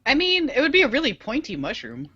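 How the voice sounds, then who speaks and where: A woman's voice: high voice, wildly swooping pitch, fast, bright, forceful tone, husky, dry recording. A woman co-hosting a podcast in casual chat, speaking English as a second language, teasing and giggly. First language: not English. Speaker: podcast co-host. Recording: dry, slightly dull podcast audio.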